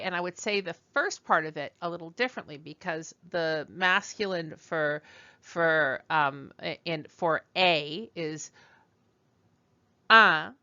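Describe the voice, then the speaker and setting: A woman teaching beginner French, unhurried and clear, carefully repeating each word. Her voice is bright and close, with dry sound on a somewhat dull, lo-fi recording. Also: on the low side, no echo. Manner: slow, deliberate, repeats words for learners. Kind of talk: beginner language lesson.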